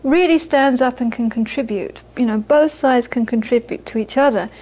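A woman with a high-pitched voice leads a Buddhist teaching session in the loose, conversational style of a dharma talk to a live audience. She tells anecdotes, laughs easily, and repeats key phrases for emphasis. Her pace is moderate, her tone darkish, and the recording rough.

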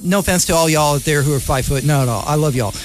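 A man in casual political chat reads a news article aloud and keeps breaking in with his own remarks. His voice sits high and animated, with faint music running underneath. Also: fast talker. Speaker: podcast co-host.

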